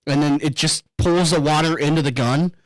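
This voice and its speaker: A man hosting a podcast in casual chat, excitable, laughing often and swearing a lot. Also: a little high, moderate pace, no room sound, rough recording. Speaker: podcast host.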